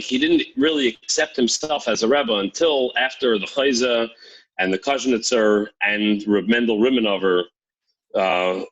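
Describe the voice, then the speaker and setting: A man's voice: mid-range voice, a bit bright, breathy edge, lo-fi sound. A man co-hosting a podcast, retelling a story in a thoughtful, casual way. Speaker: podcast co-host.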